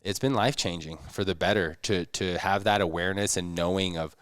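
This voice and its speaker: A man co-hosting a podcast in casual chat, laughing easily and getting animated when telling stories. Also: deep voice, brisk, clean tone, dry recording, studio quality. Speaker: podcast co-host.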